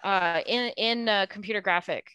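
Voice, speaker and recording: Bright, enthusiastic woman in a dry room. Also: mid-range voice, moderate pace, clean tone, no room sound. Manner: enthusiastic, opinionated. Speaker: podcast co-host. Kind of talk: casual film discussion.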